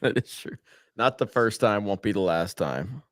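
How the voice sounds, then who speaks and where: A man's voice: fairly low pitch, animated, normal speed, no echo, studio quality. A man co-hosting a casual livestream, talking in a rambling way with swearing and laughter. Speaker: co-host.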